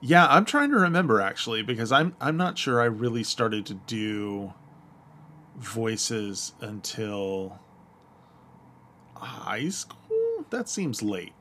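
Bright-voiced podcast host. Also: male voice, on the low side, unhurried, a little hiss or hum. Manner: hesitant, self-deprecating, many fillers. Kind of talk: casual chat.

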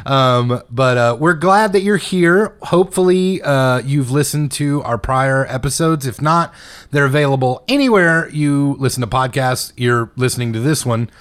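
A man's voice: mid-range voice, normal speed, fairly bright tone, clear, resonant tone. A young man co-hosting a casual podcast chat, joking and rambling, often breaking into laughter. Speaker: podcast co-host.

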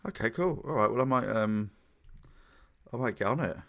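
A man's voice: mid-range voice, animated, normal speed, vocal fry, a bit bright. A man co-hosting a podcast in casual chat, rambling and teasing, often restarting his sentences. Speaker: podcast co-host.

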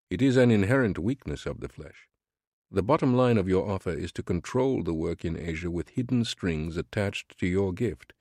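Deep-voiced man narrating an audiobook. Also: a little mellow, dry recording, studio quality. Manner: earnest, measured, preaching tone.

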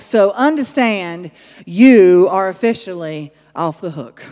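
A woman telling stories to a church audience in an animated sermon style, going from loud to hushed. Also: medium pitch, takes it slowly, long reverb tail. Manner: animated storyteller, swinging between loud and hushed. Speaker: speaker addressing a church.

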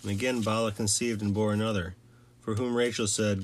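Low-voiced man reading scripture aloud. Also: level tone. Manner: measured, with occasional slips and restarts. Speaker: scripture reader.

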